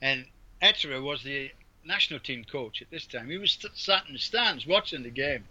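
A man's voice: medium pitch, animated, moderate pace, bright, forceful tone. An English man, a former referee, telling rambling anecdotes in an interview, with restarts and laughs. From England. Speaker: guest, former basketball referee. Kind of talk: storytelling in an interview. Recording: dull lo-fi audio.

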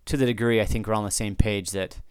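Male podcast host, unscripted and digressive, smooth dry voice, mid pitch. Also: fairly even intonation, fast talker, a little mellow, no room sound. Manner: rambling, off-the-cuff, frequent restarts and asides. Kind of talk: unscripted podcast talk answering listener feedback.

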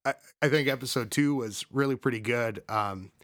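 A man in casual podcast talk, hesitant and halting, often backing up mid-sentence. His voice sits at an ordinary pitch and is recorded close and dry. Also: fairly bright tone, dry recording. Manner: hesitant, full of ums and restarts. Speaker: podcast co-host. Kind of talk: casual chat. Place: home basement.

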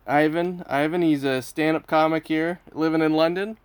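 A man's voice: fairly high pitch, steady tone, normal speed, clear, resonant tone. A man from Canada, hosting a podcast in a casual, friendly chat, teasing and playing along with jokes. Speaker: podcast host.

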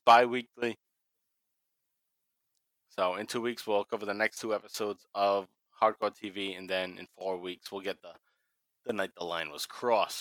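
A man's voice: on the low side, a bit bright, no echo. A man from Massachusetts with a Boston accent, hosting a casual wrestling podcast, swearing freely and laughing often. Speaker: podcast host.

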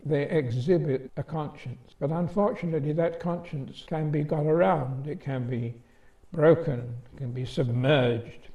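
A man delivering a sermon in a measured, deliberate way, telling a story to make his point. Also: fairly high pitch, warm tone. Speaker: preacher. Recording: dull lo-fi sermon recording.

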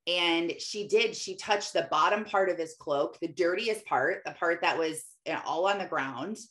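A woman sharing a casual devotional talk, retelling a scripture story in her own words. She speaks in a relaxed, conversational way, dropping "like" as she goes. She is a mother speaking plainly to her listeners about belief. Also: lowish voice, moderate pace. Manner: conversational retelling with frequent "like" fillers. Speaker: mother sharing faith reflections.

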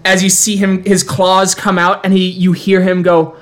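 A man serves as storyteller for a tabletop horror game, describing scenes and explaining rules. His delivery is measured and descriptive, at times drawn out for weight. Faint music plays underneath. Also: sits high, monotone.

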